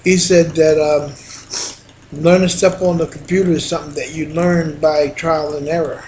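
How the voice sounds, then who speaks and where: Man preaching excitedly in a roomy space. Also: fairly high pitch, moderate pace, slight background noise. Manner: excitable, shouts scripture, folksy asides. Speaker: minister. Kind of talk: home video preaching. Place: alone at home. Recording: roomy echo.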